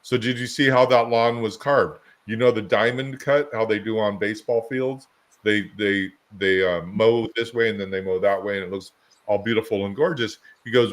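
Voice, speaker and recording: A podcast co-host with a lowish, fairly level voice talks at a moderate clip. He wanders chattily through casual anecdotes and examples.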